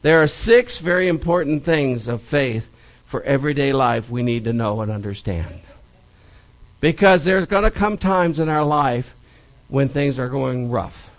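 A man's voice: medium pitch, measured pace, poor audio. A man preaching a sermon and Bible study in a church, telling stories with lots of animation and repeating key phrases for stress. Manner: animated storytelling, stressed repetitions.

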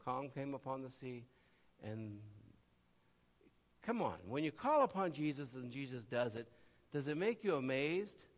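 A man preaching a sermon, swinging from loud cries to low murmurs and acting out the voices of people in his stories. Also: big pitch swings, measured pace, pauses often, big-room sound.

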